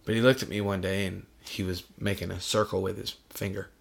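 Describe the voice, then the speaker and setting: Podcast host, middle-aged man, low gravelly voice, blunt and profane storyteller. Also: level tone, a little fast. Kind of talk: casual chat.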